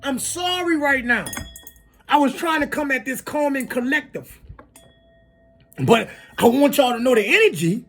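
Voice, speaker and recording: A high-pitched speaker on a heated, profanity-laced rant to camera. The voice jumps from near-shouts down to low mutters, stops for apologetic asides, and keeps tagging lines with "you heard me". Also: husky. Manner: profane, fired up, swings between shouting and muttering; repeats tags like "you heard me" and "you feel me". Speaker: video creator. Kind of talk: heated spoken rant to viewers.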